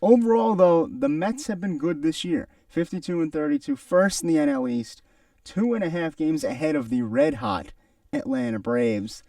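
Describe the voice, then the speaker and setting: A man's voice: a little high, animated, normal speed, gravelly, dark tone, no echo, studio quality, distant mic. A young man co-hosting a sports radio show, giving emphatic, opinionated analysis.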